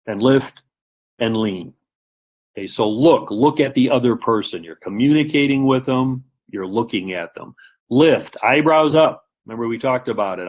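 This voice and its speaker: Male trainer, mid-pitched, conversational and emphatic, muffled lo-fi presentation audio. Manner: conversational, emphatic teaching with rhetorical questions. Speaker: conference speaker.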